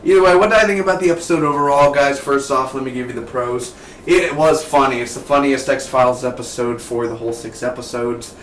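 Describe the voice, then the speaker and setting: A man's voice: mid-range voice, brisk. Rambling man reviewing TV in a roomy space. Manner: rambling, excitable, trails off into tangents. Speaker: TV episode reviewer. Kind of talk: casual spoken review. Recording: roomy, distant mic, faint background noise.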